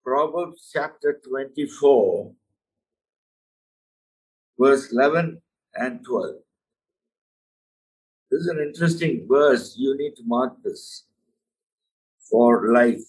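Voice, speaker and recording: A man's voice: medium pitch, takes it slowly, pauses often, darkish tone, far from the mic, rough recording. A man preaching a sermon, earnest and emphatic, often calling the listener "my friend".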